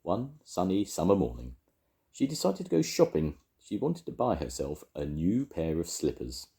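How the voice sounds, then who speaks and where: An older man reading a children's story aloud, gently chatting with young listeners between lines. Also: low-pitched, wildly swooping pitch, moderate pace, vocal fry. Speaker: storytelling grandad.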